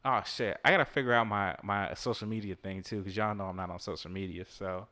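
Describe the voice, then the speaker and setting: A man's voice: on the low side, fairly even intonation, a little fast, bright, forceful tone. Man, podcast host, casual motivational talk, laid-back, swearing, gaming while talking. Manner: laid-back, swears and laughs, talks to listeners while playing a video game.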